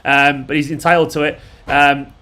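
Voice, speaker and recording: A man's voice: a little high, little pitch movement, normal speed, pushed and bright, clean tone. A man hosting a fan live stream, chatting casually and bluntly, swearing and rambling with lots of fillers. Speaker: fan channel host.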